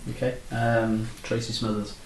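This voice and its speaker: A male interviewer who offers only short, soft prompts. His voice sits at an ordinary pitch, with room echo and a faint hum in the background. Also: monotone, moderate pace. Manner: brief, quiet prompts.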